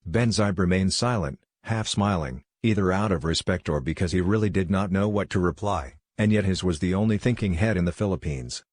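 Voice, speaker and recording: Male audiobook narrator, steady and measured, low voice, dry close mic. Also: no room sound.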